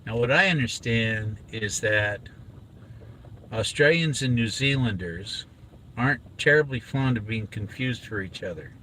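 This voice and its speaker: A middle-aged man from inland California talks casually from the driver's seat, wandering from thought to thought with plenty of ums and uhs. His voice sits at an ordinary pitch, with a faint hum of road noise underneath. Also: expressive, unhurried, bright, forceful tone, rough recording. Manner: rambling, chatty, with many fillers. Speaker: father, vlog host. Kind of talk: casual chat while driving. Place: inside a car on a drive.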